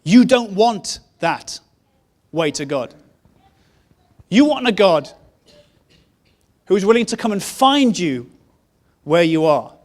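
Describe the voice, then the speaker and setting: Guy with a highish voice giving a sermon, earnest, repeats himself for effect. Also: very animated, slow, pauses often, darkish tone. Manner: earnest storytelling, repeats key phrases. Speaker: pastor.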